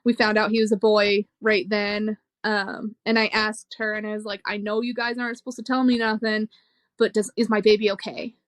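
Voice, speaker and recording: A woman's voice: medium pitch, little pitch movement, moderate pace, no room sound. A young woman, a podcast guest, telling a personal story in a frank, emotional way, swearing freely and laughing between hard moments. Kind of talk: candid conversational storytelling.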